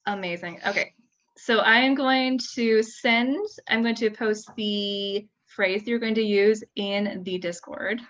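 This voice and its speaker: A woman's voice: medium pitch, steady tone, slow, fairly bright tone, dull audio. A woman hosting a casual podcast, playful and giggly as she runs a game with her guests. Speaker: host.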